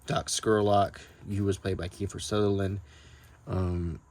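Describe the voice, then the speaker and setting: Soft-spoken man musing over his books. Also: deep voice, steady tone. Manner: soft-spoken, meandering, many ums and restarts; reads old newspaper text aloud in a measured tone. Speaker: book collector showing his collection. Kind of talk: casual, unscripted talk about his books.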